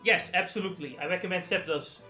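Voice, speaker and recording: A man's voice: high-pitched, fast talker, music in the background. A young man streaming a game live, rambling and swearing while he has the hiccups. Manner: rambling, profane, excitable. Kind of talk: live gaming stream chat.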